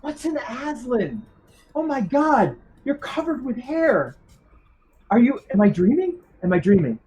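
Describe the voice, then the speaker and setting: A man's voice: a little high, animated, normal speed, a little mellow, dull audio, slight background noise, lightly acted. A man voicing a confused woman just woken from cryosleep, panicky and disbelieving. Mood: panicked.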